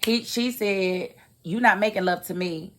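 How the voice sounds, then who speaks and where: A woman giving a casual, expressive recap of a TV episode, laughing and acting out the characters' lines. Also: medium pitch, unhurried. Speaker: TV recap host.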